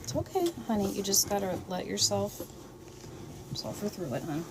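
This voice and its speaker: A woman talks in a soft, soothing murmur, her pitch rising and falling with lots of movement. She is recorded on a phone indoors at home. Loud, steady background noise sits under her voice. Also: normal speed. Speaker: dog breeder hosting a live stream. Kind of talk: casual live-stream commentary. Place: indoors at home, tiled floor.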